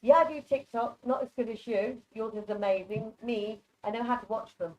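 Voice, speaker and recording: A woman's voice: a little high, a little fast, darkish tone, slight background noise, low-quality recording. A woman doing live psychic readings over a video call, affectionate and chatty, calling people darling. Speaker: psychic reader.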